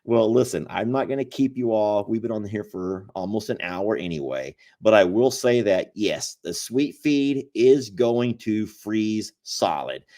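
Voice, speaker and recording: Animated folksy man. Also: on the low side, a little slow, hardly any pauses. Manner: folksy, playful, rambling with restarts. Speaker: animal sanctuary owner, livestream host. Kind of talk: casual livestream chat.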